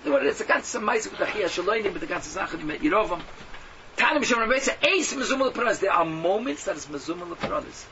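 A man giving a sermon to a class, mixing in Yiddish and Hebrew terms and swinging from hushed tones to loud exhortation. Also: high-pitched, sing-song, fast talker, crowd noise. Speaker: Torah teacher. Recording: dull lo-fi audio from a distance with faint hum.

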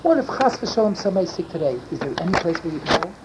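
A man's voice: high voice, big pitch swings, rapid-fire. Older man telling stories with emphatic energy. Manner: yelling and emphatic; mixes in Yiddish and Hebrew words. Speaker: storyteller. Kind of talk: animated storytelling. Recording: dull lo-fi recording with loud background noise.

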